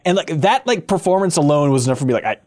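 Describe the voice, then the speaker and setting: A man hosting a relaxed podcast conversation, his voice sitting a little higher than most men's. He talks in a playful, animated way and drops jokey asides as he reads listener questions and tells stories. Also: racing. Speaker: podcast host. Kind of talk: casual podcast chat.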